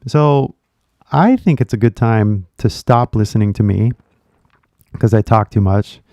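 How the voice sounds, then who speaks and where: Gravelly Californian man chatting casually. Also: fairly low pitch, unhurried, no room sound, studio quality. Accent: Californian American. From California, USA. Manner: rambling, animated, talks directly to viewers. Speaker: English teacher and channel host. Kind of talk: casual chat.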